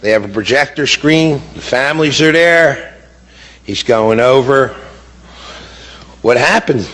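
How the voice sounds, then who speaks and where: A man's voice: medium pitch, unhurried, fairly bright tone. A middle-aged man speaking as a bereaved father, giving impassioned testimony. He sounds indignant and repeats words for emphasis. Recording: long hall reverb.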